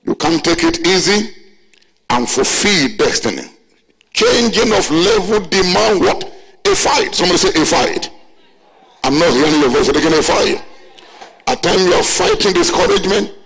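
Pastor guy, super high voice, call and response preaching, ends up shouting. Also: animated, rough recording. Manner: call-and-response preaching, drawn-out repeated phrases; builds to shouted declarations. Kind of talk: sermon.

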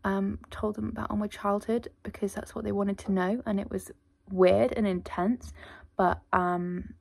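A woman rambles through a casual diary vlog, chatty and self-deprecating as she catches viewers up. Her voice sits at a middle pitch with a noticeable gravelly fry. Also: fairly even intonation, moderate pace, darkish tone. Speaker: vlogger.

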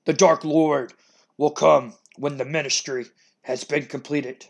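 A man voicing a sinister wrestler villain who speaks for a dark lord, talking slowly and ominously. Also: steady tone, gravelly, breathy edge, full character voice. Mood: menacing. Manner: slow, booming, ominous delivery.

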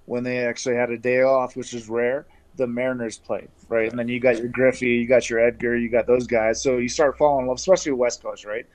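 A man from Canada telling stories as an interview guest over a video call, relaxed and chatty with lots of fillers and restarts. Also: mid-range voice, fairly quick, few pauses. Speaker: interview guest, former pro baseball player.

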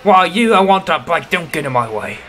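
Brief: cocky young gang grunt read by a man with a fake Aussie accent, lively and bright. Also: on the high side, brisk. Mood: pushy. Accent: put-on Australian-ish accent. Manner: taunting, swaggering.

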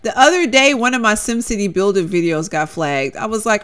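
Gushing, chatty young woman with a lively voice. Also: medium pitch, normal speed, hardly any pauses. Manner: gushing, chatty, uses "y'all" and "girl". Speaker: Sims content creator showcasing custom content. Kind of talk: casual gameplay commentary.

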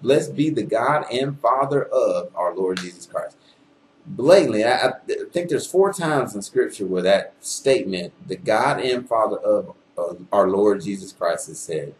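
A man's voice: lowish voice, expressive, a little slow, slight background noise, poor audio. A man talking straight to his viewers, building an emphatic argument about scripture with rhetorical questions and a frequent "okay?". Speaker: video channel host. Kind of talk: argumentative religious monologue to camera.

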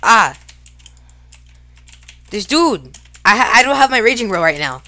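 A woman giving live gameplay commentary, excitable and casual, talking to herself and shouting at big plays. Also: on the high side, unhurried, dry recording. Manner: casual slang, talks to self while fighting. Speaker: gaming YouTuber.

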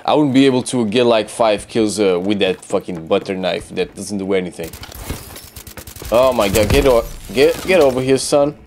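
A young man commentating his own gameplay, trash-talking opponents, swearing and bursting into excited yelps. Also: lowish voice, normal speed, slight background noise.

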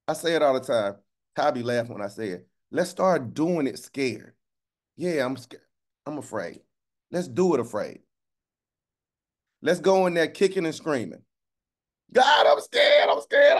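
Call-and-response preacher man, slightly high voice. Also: darkish tone. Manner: call-and-response, keeps asking "right?"; colloquial, drawls phrases slowly for emphasis. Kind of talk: sermon.

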